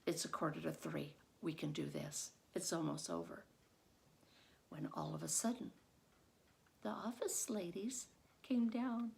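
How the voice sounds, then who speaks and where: A middle-aged woman, a former teacher, telling a personal story with vivid, dramatic pacing that builds into loud excitement. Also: lowish voice, measured pace, gravelly, long pauses. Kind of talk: told personal story at a contest.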